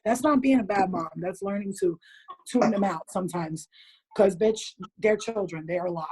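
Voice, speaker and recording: A woman's voice: medium pitch, moderate pace, darkish tone, a little hiss or hum, rough recording. A woman hosting a group video call, giving blunt advice in casual chat, swearing freely and laughing often.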